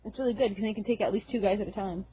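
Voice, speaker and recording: A woman co-hosting a casual gaming podcast, chatty and quick to laugh, filling her talk with "like.". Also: mid-range voice, steady tone, mellow, slight background noise, poor audio. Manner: chatty, laughs often, many "like" fillers. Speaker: podcast co-host.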